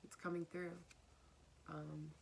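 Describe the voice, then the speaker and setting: Earnest low-voiced woman reading tarot. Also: little pitch movement, slow pace, gravelly, slight background noise. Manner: earnest, repeats phrases, drops to a whisper now and then. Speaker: tarot reader. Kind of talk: casual spiritual tarot reading.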